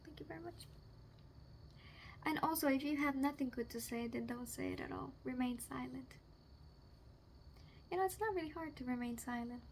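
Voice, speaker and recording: A woman's voice: high voice, moderate pace, long pauses, a little hiss or hum. A young woman talking casually to camera as a vlogger, chatty and giggly, often searching for the right word. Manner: chatty, giggly, gropes for words.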